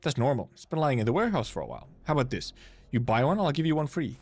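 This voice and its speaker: A man's voice: medium pitch, big pitch swings, racing, a little mellow, pitched above the performer's own voice. A man voicing a chatty middle-aged merchant with friendly sales patter. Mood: salesy.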